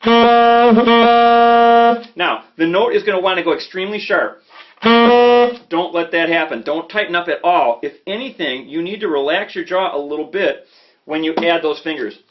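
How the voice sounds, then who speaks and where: A man from Chicago giving a relaxed saxophone lesson, talking conversationally and checking in often with "okay?" and "you know". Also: on the high side, a little fast. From Chicago, USA. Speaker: saxophone teacher. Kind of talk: casual instructional talk. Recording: slightly dull lo-fi audio with faint music.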